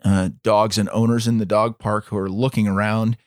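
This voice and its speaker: A man co-hosting a podcast, telling a story in a measured, dramatic way. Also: fairly low pitch, level tone, no echo, clean studio sound. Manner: measured, dramatic storytelling, acts out quoted voices. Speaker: podcast co-host. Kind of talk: storytelling in casual chat.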